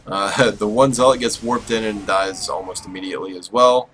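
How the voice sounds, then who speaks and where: A man calls a strategy game in a relaxed, self-deprecating way, and his rather low voice spikes up when the fights get close. Faint background hiss sits under his commentary. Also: moderate pace, low-quality recording. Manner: casual and self-deprecating, bursts of excitement during fights. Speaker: esports caster.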